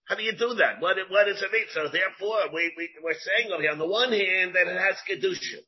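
High husky-voiced rabbi, dull lo-fi recording. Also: male voice, fast. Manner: rhetorical questions, repeats phrases, mixes in Hebrew terms. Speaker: rabbi teaching Talmud. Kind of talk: Talmud class lecture.

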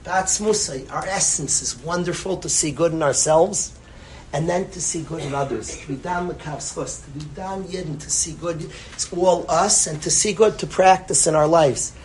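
Impassioned male preacher, loud then hushed. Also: fairly high pitch, normal speed, a little hiss or hum, poor audio. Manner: impassioned, swinging between loud emphasis and soft, hushed phrases; repeats phrases for emphasis. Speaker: rabbi giving a talk. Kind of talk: sermon.

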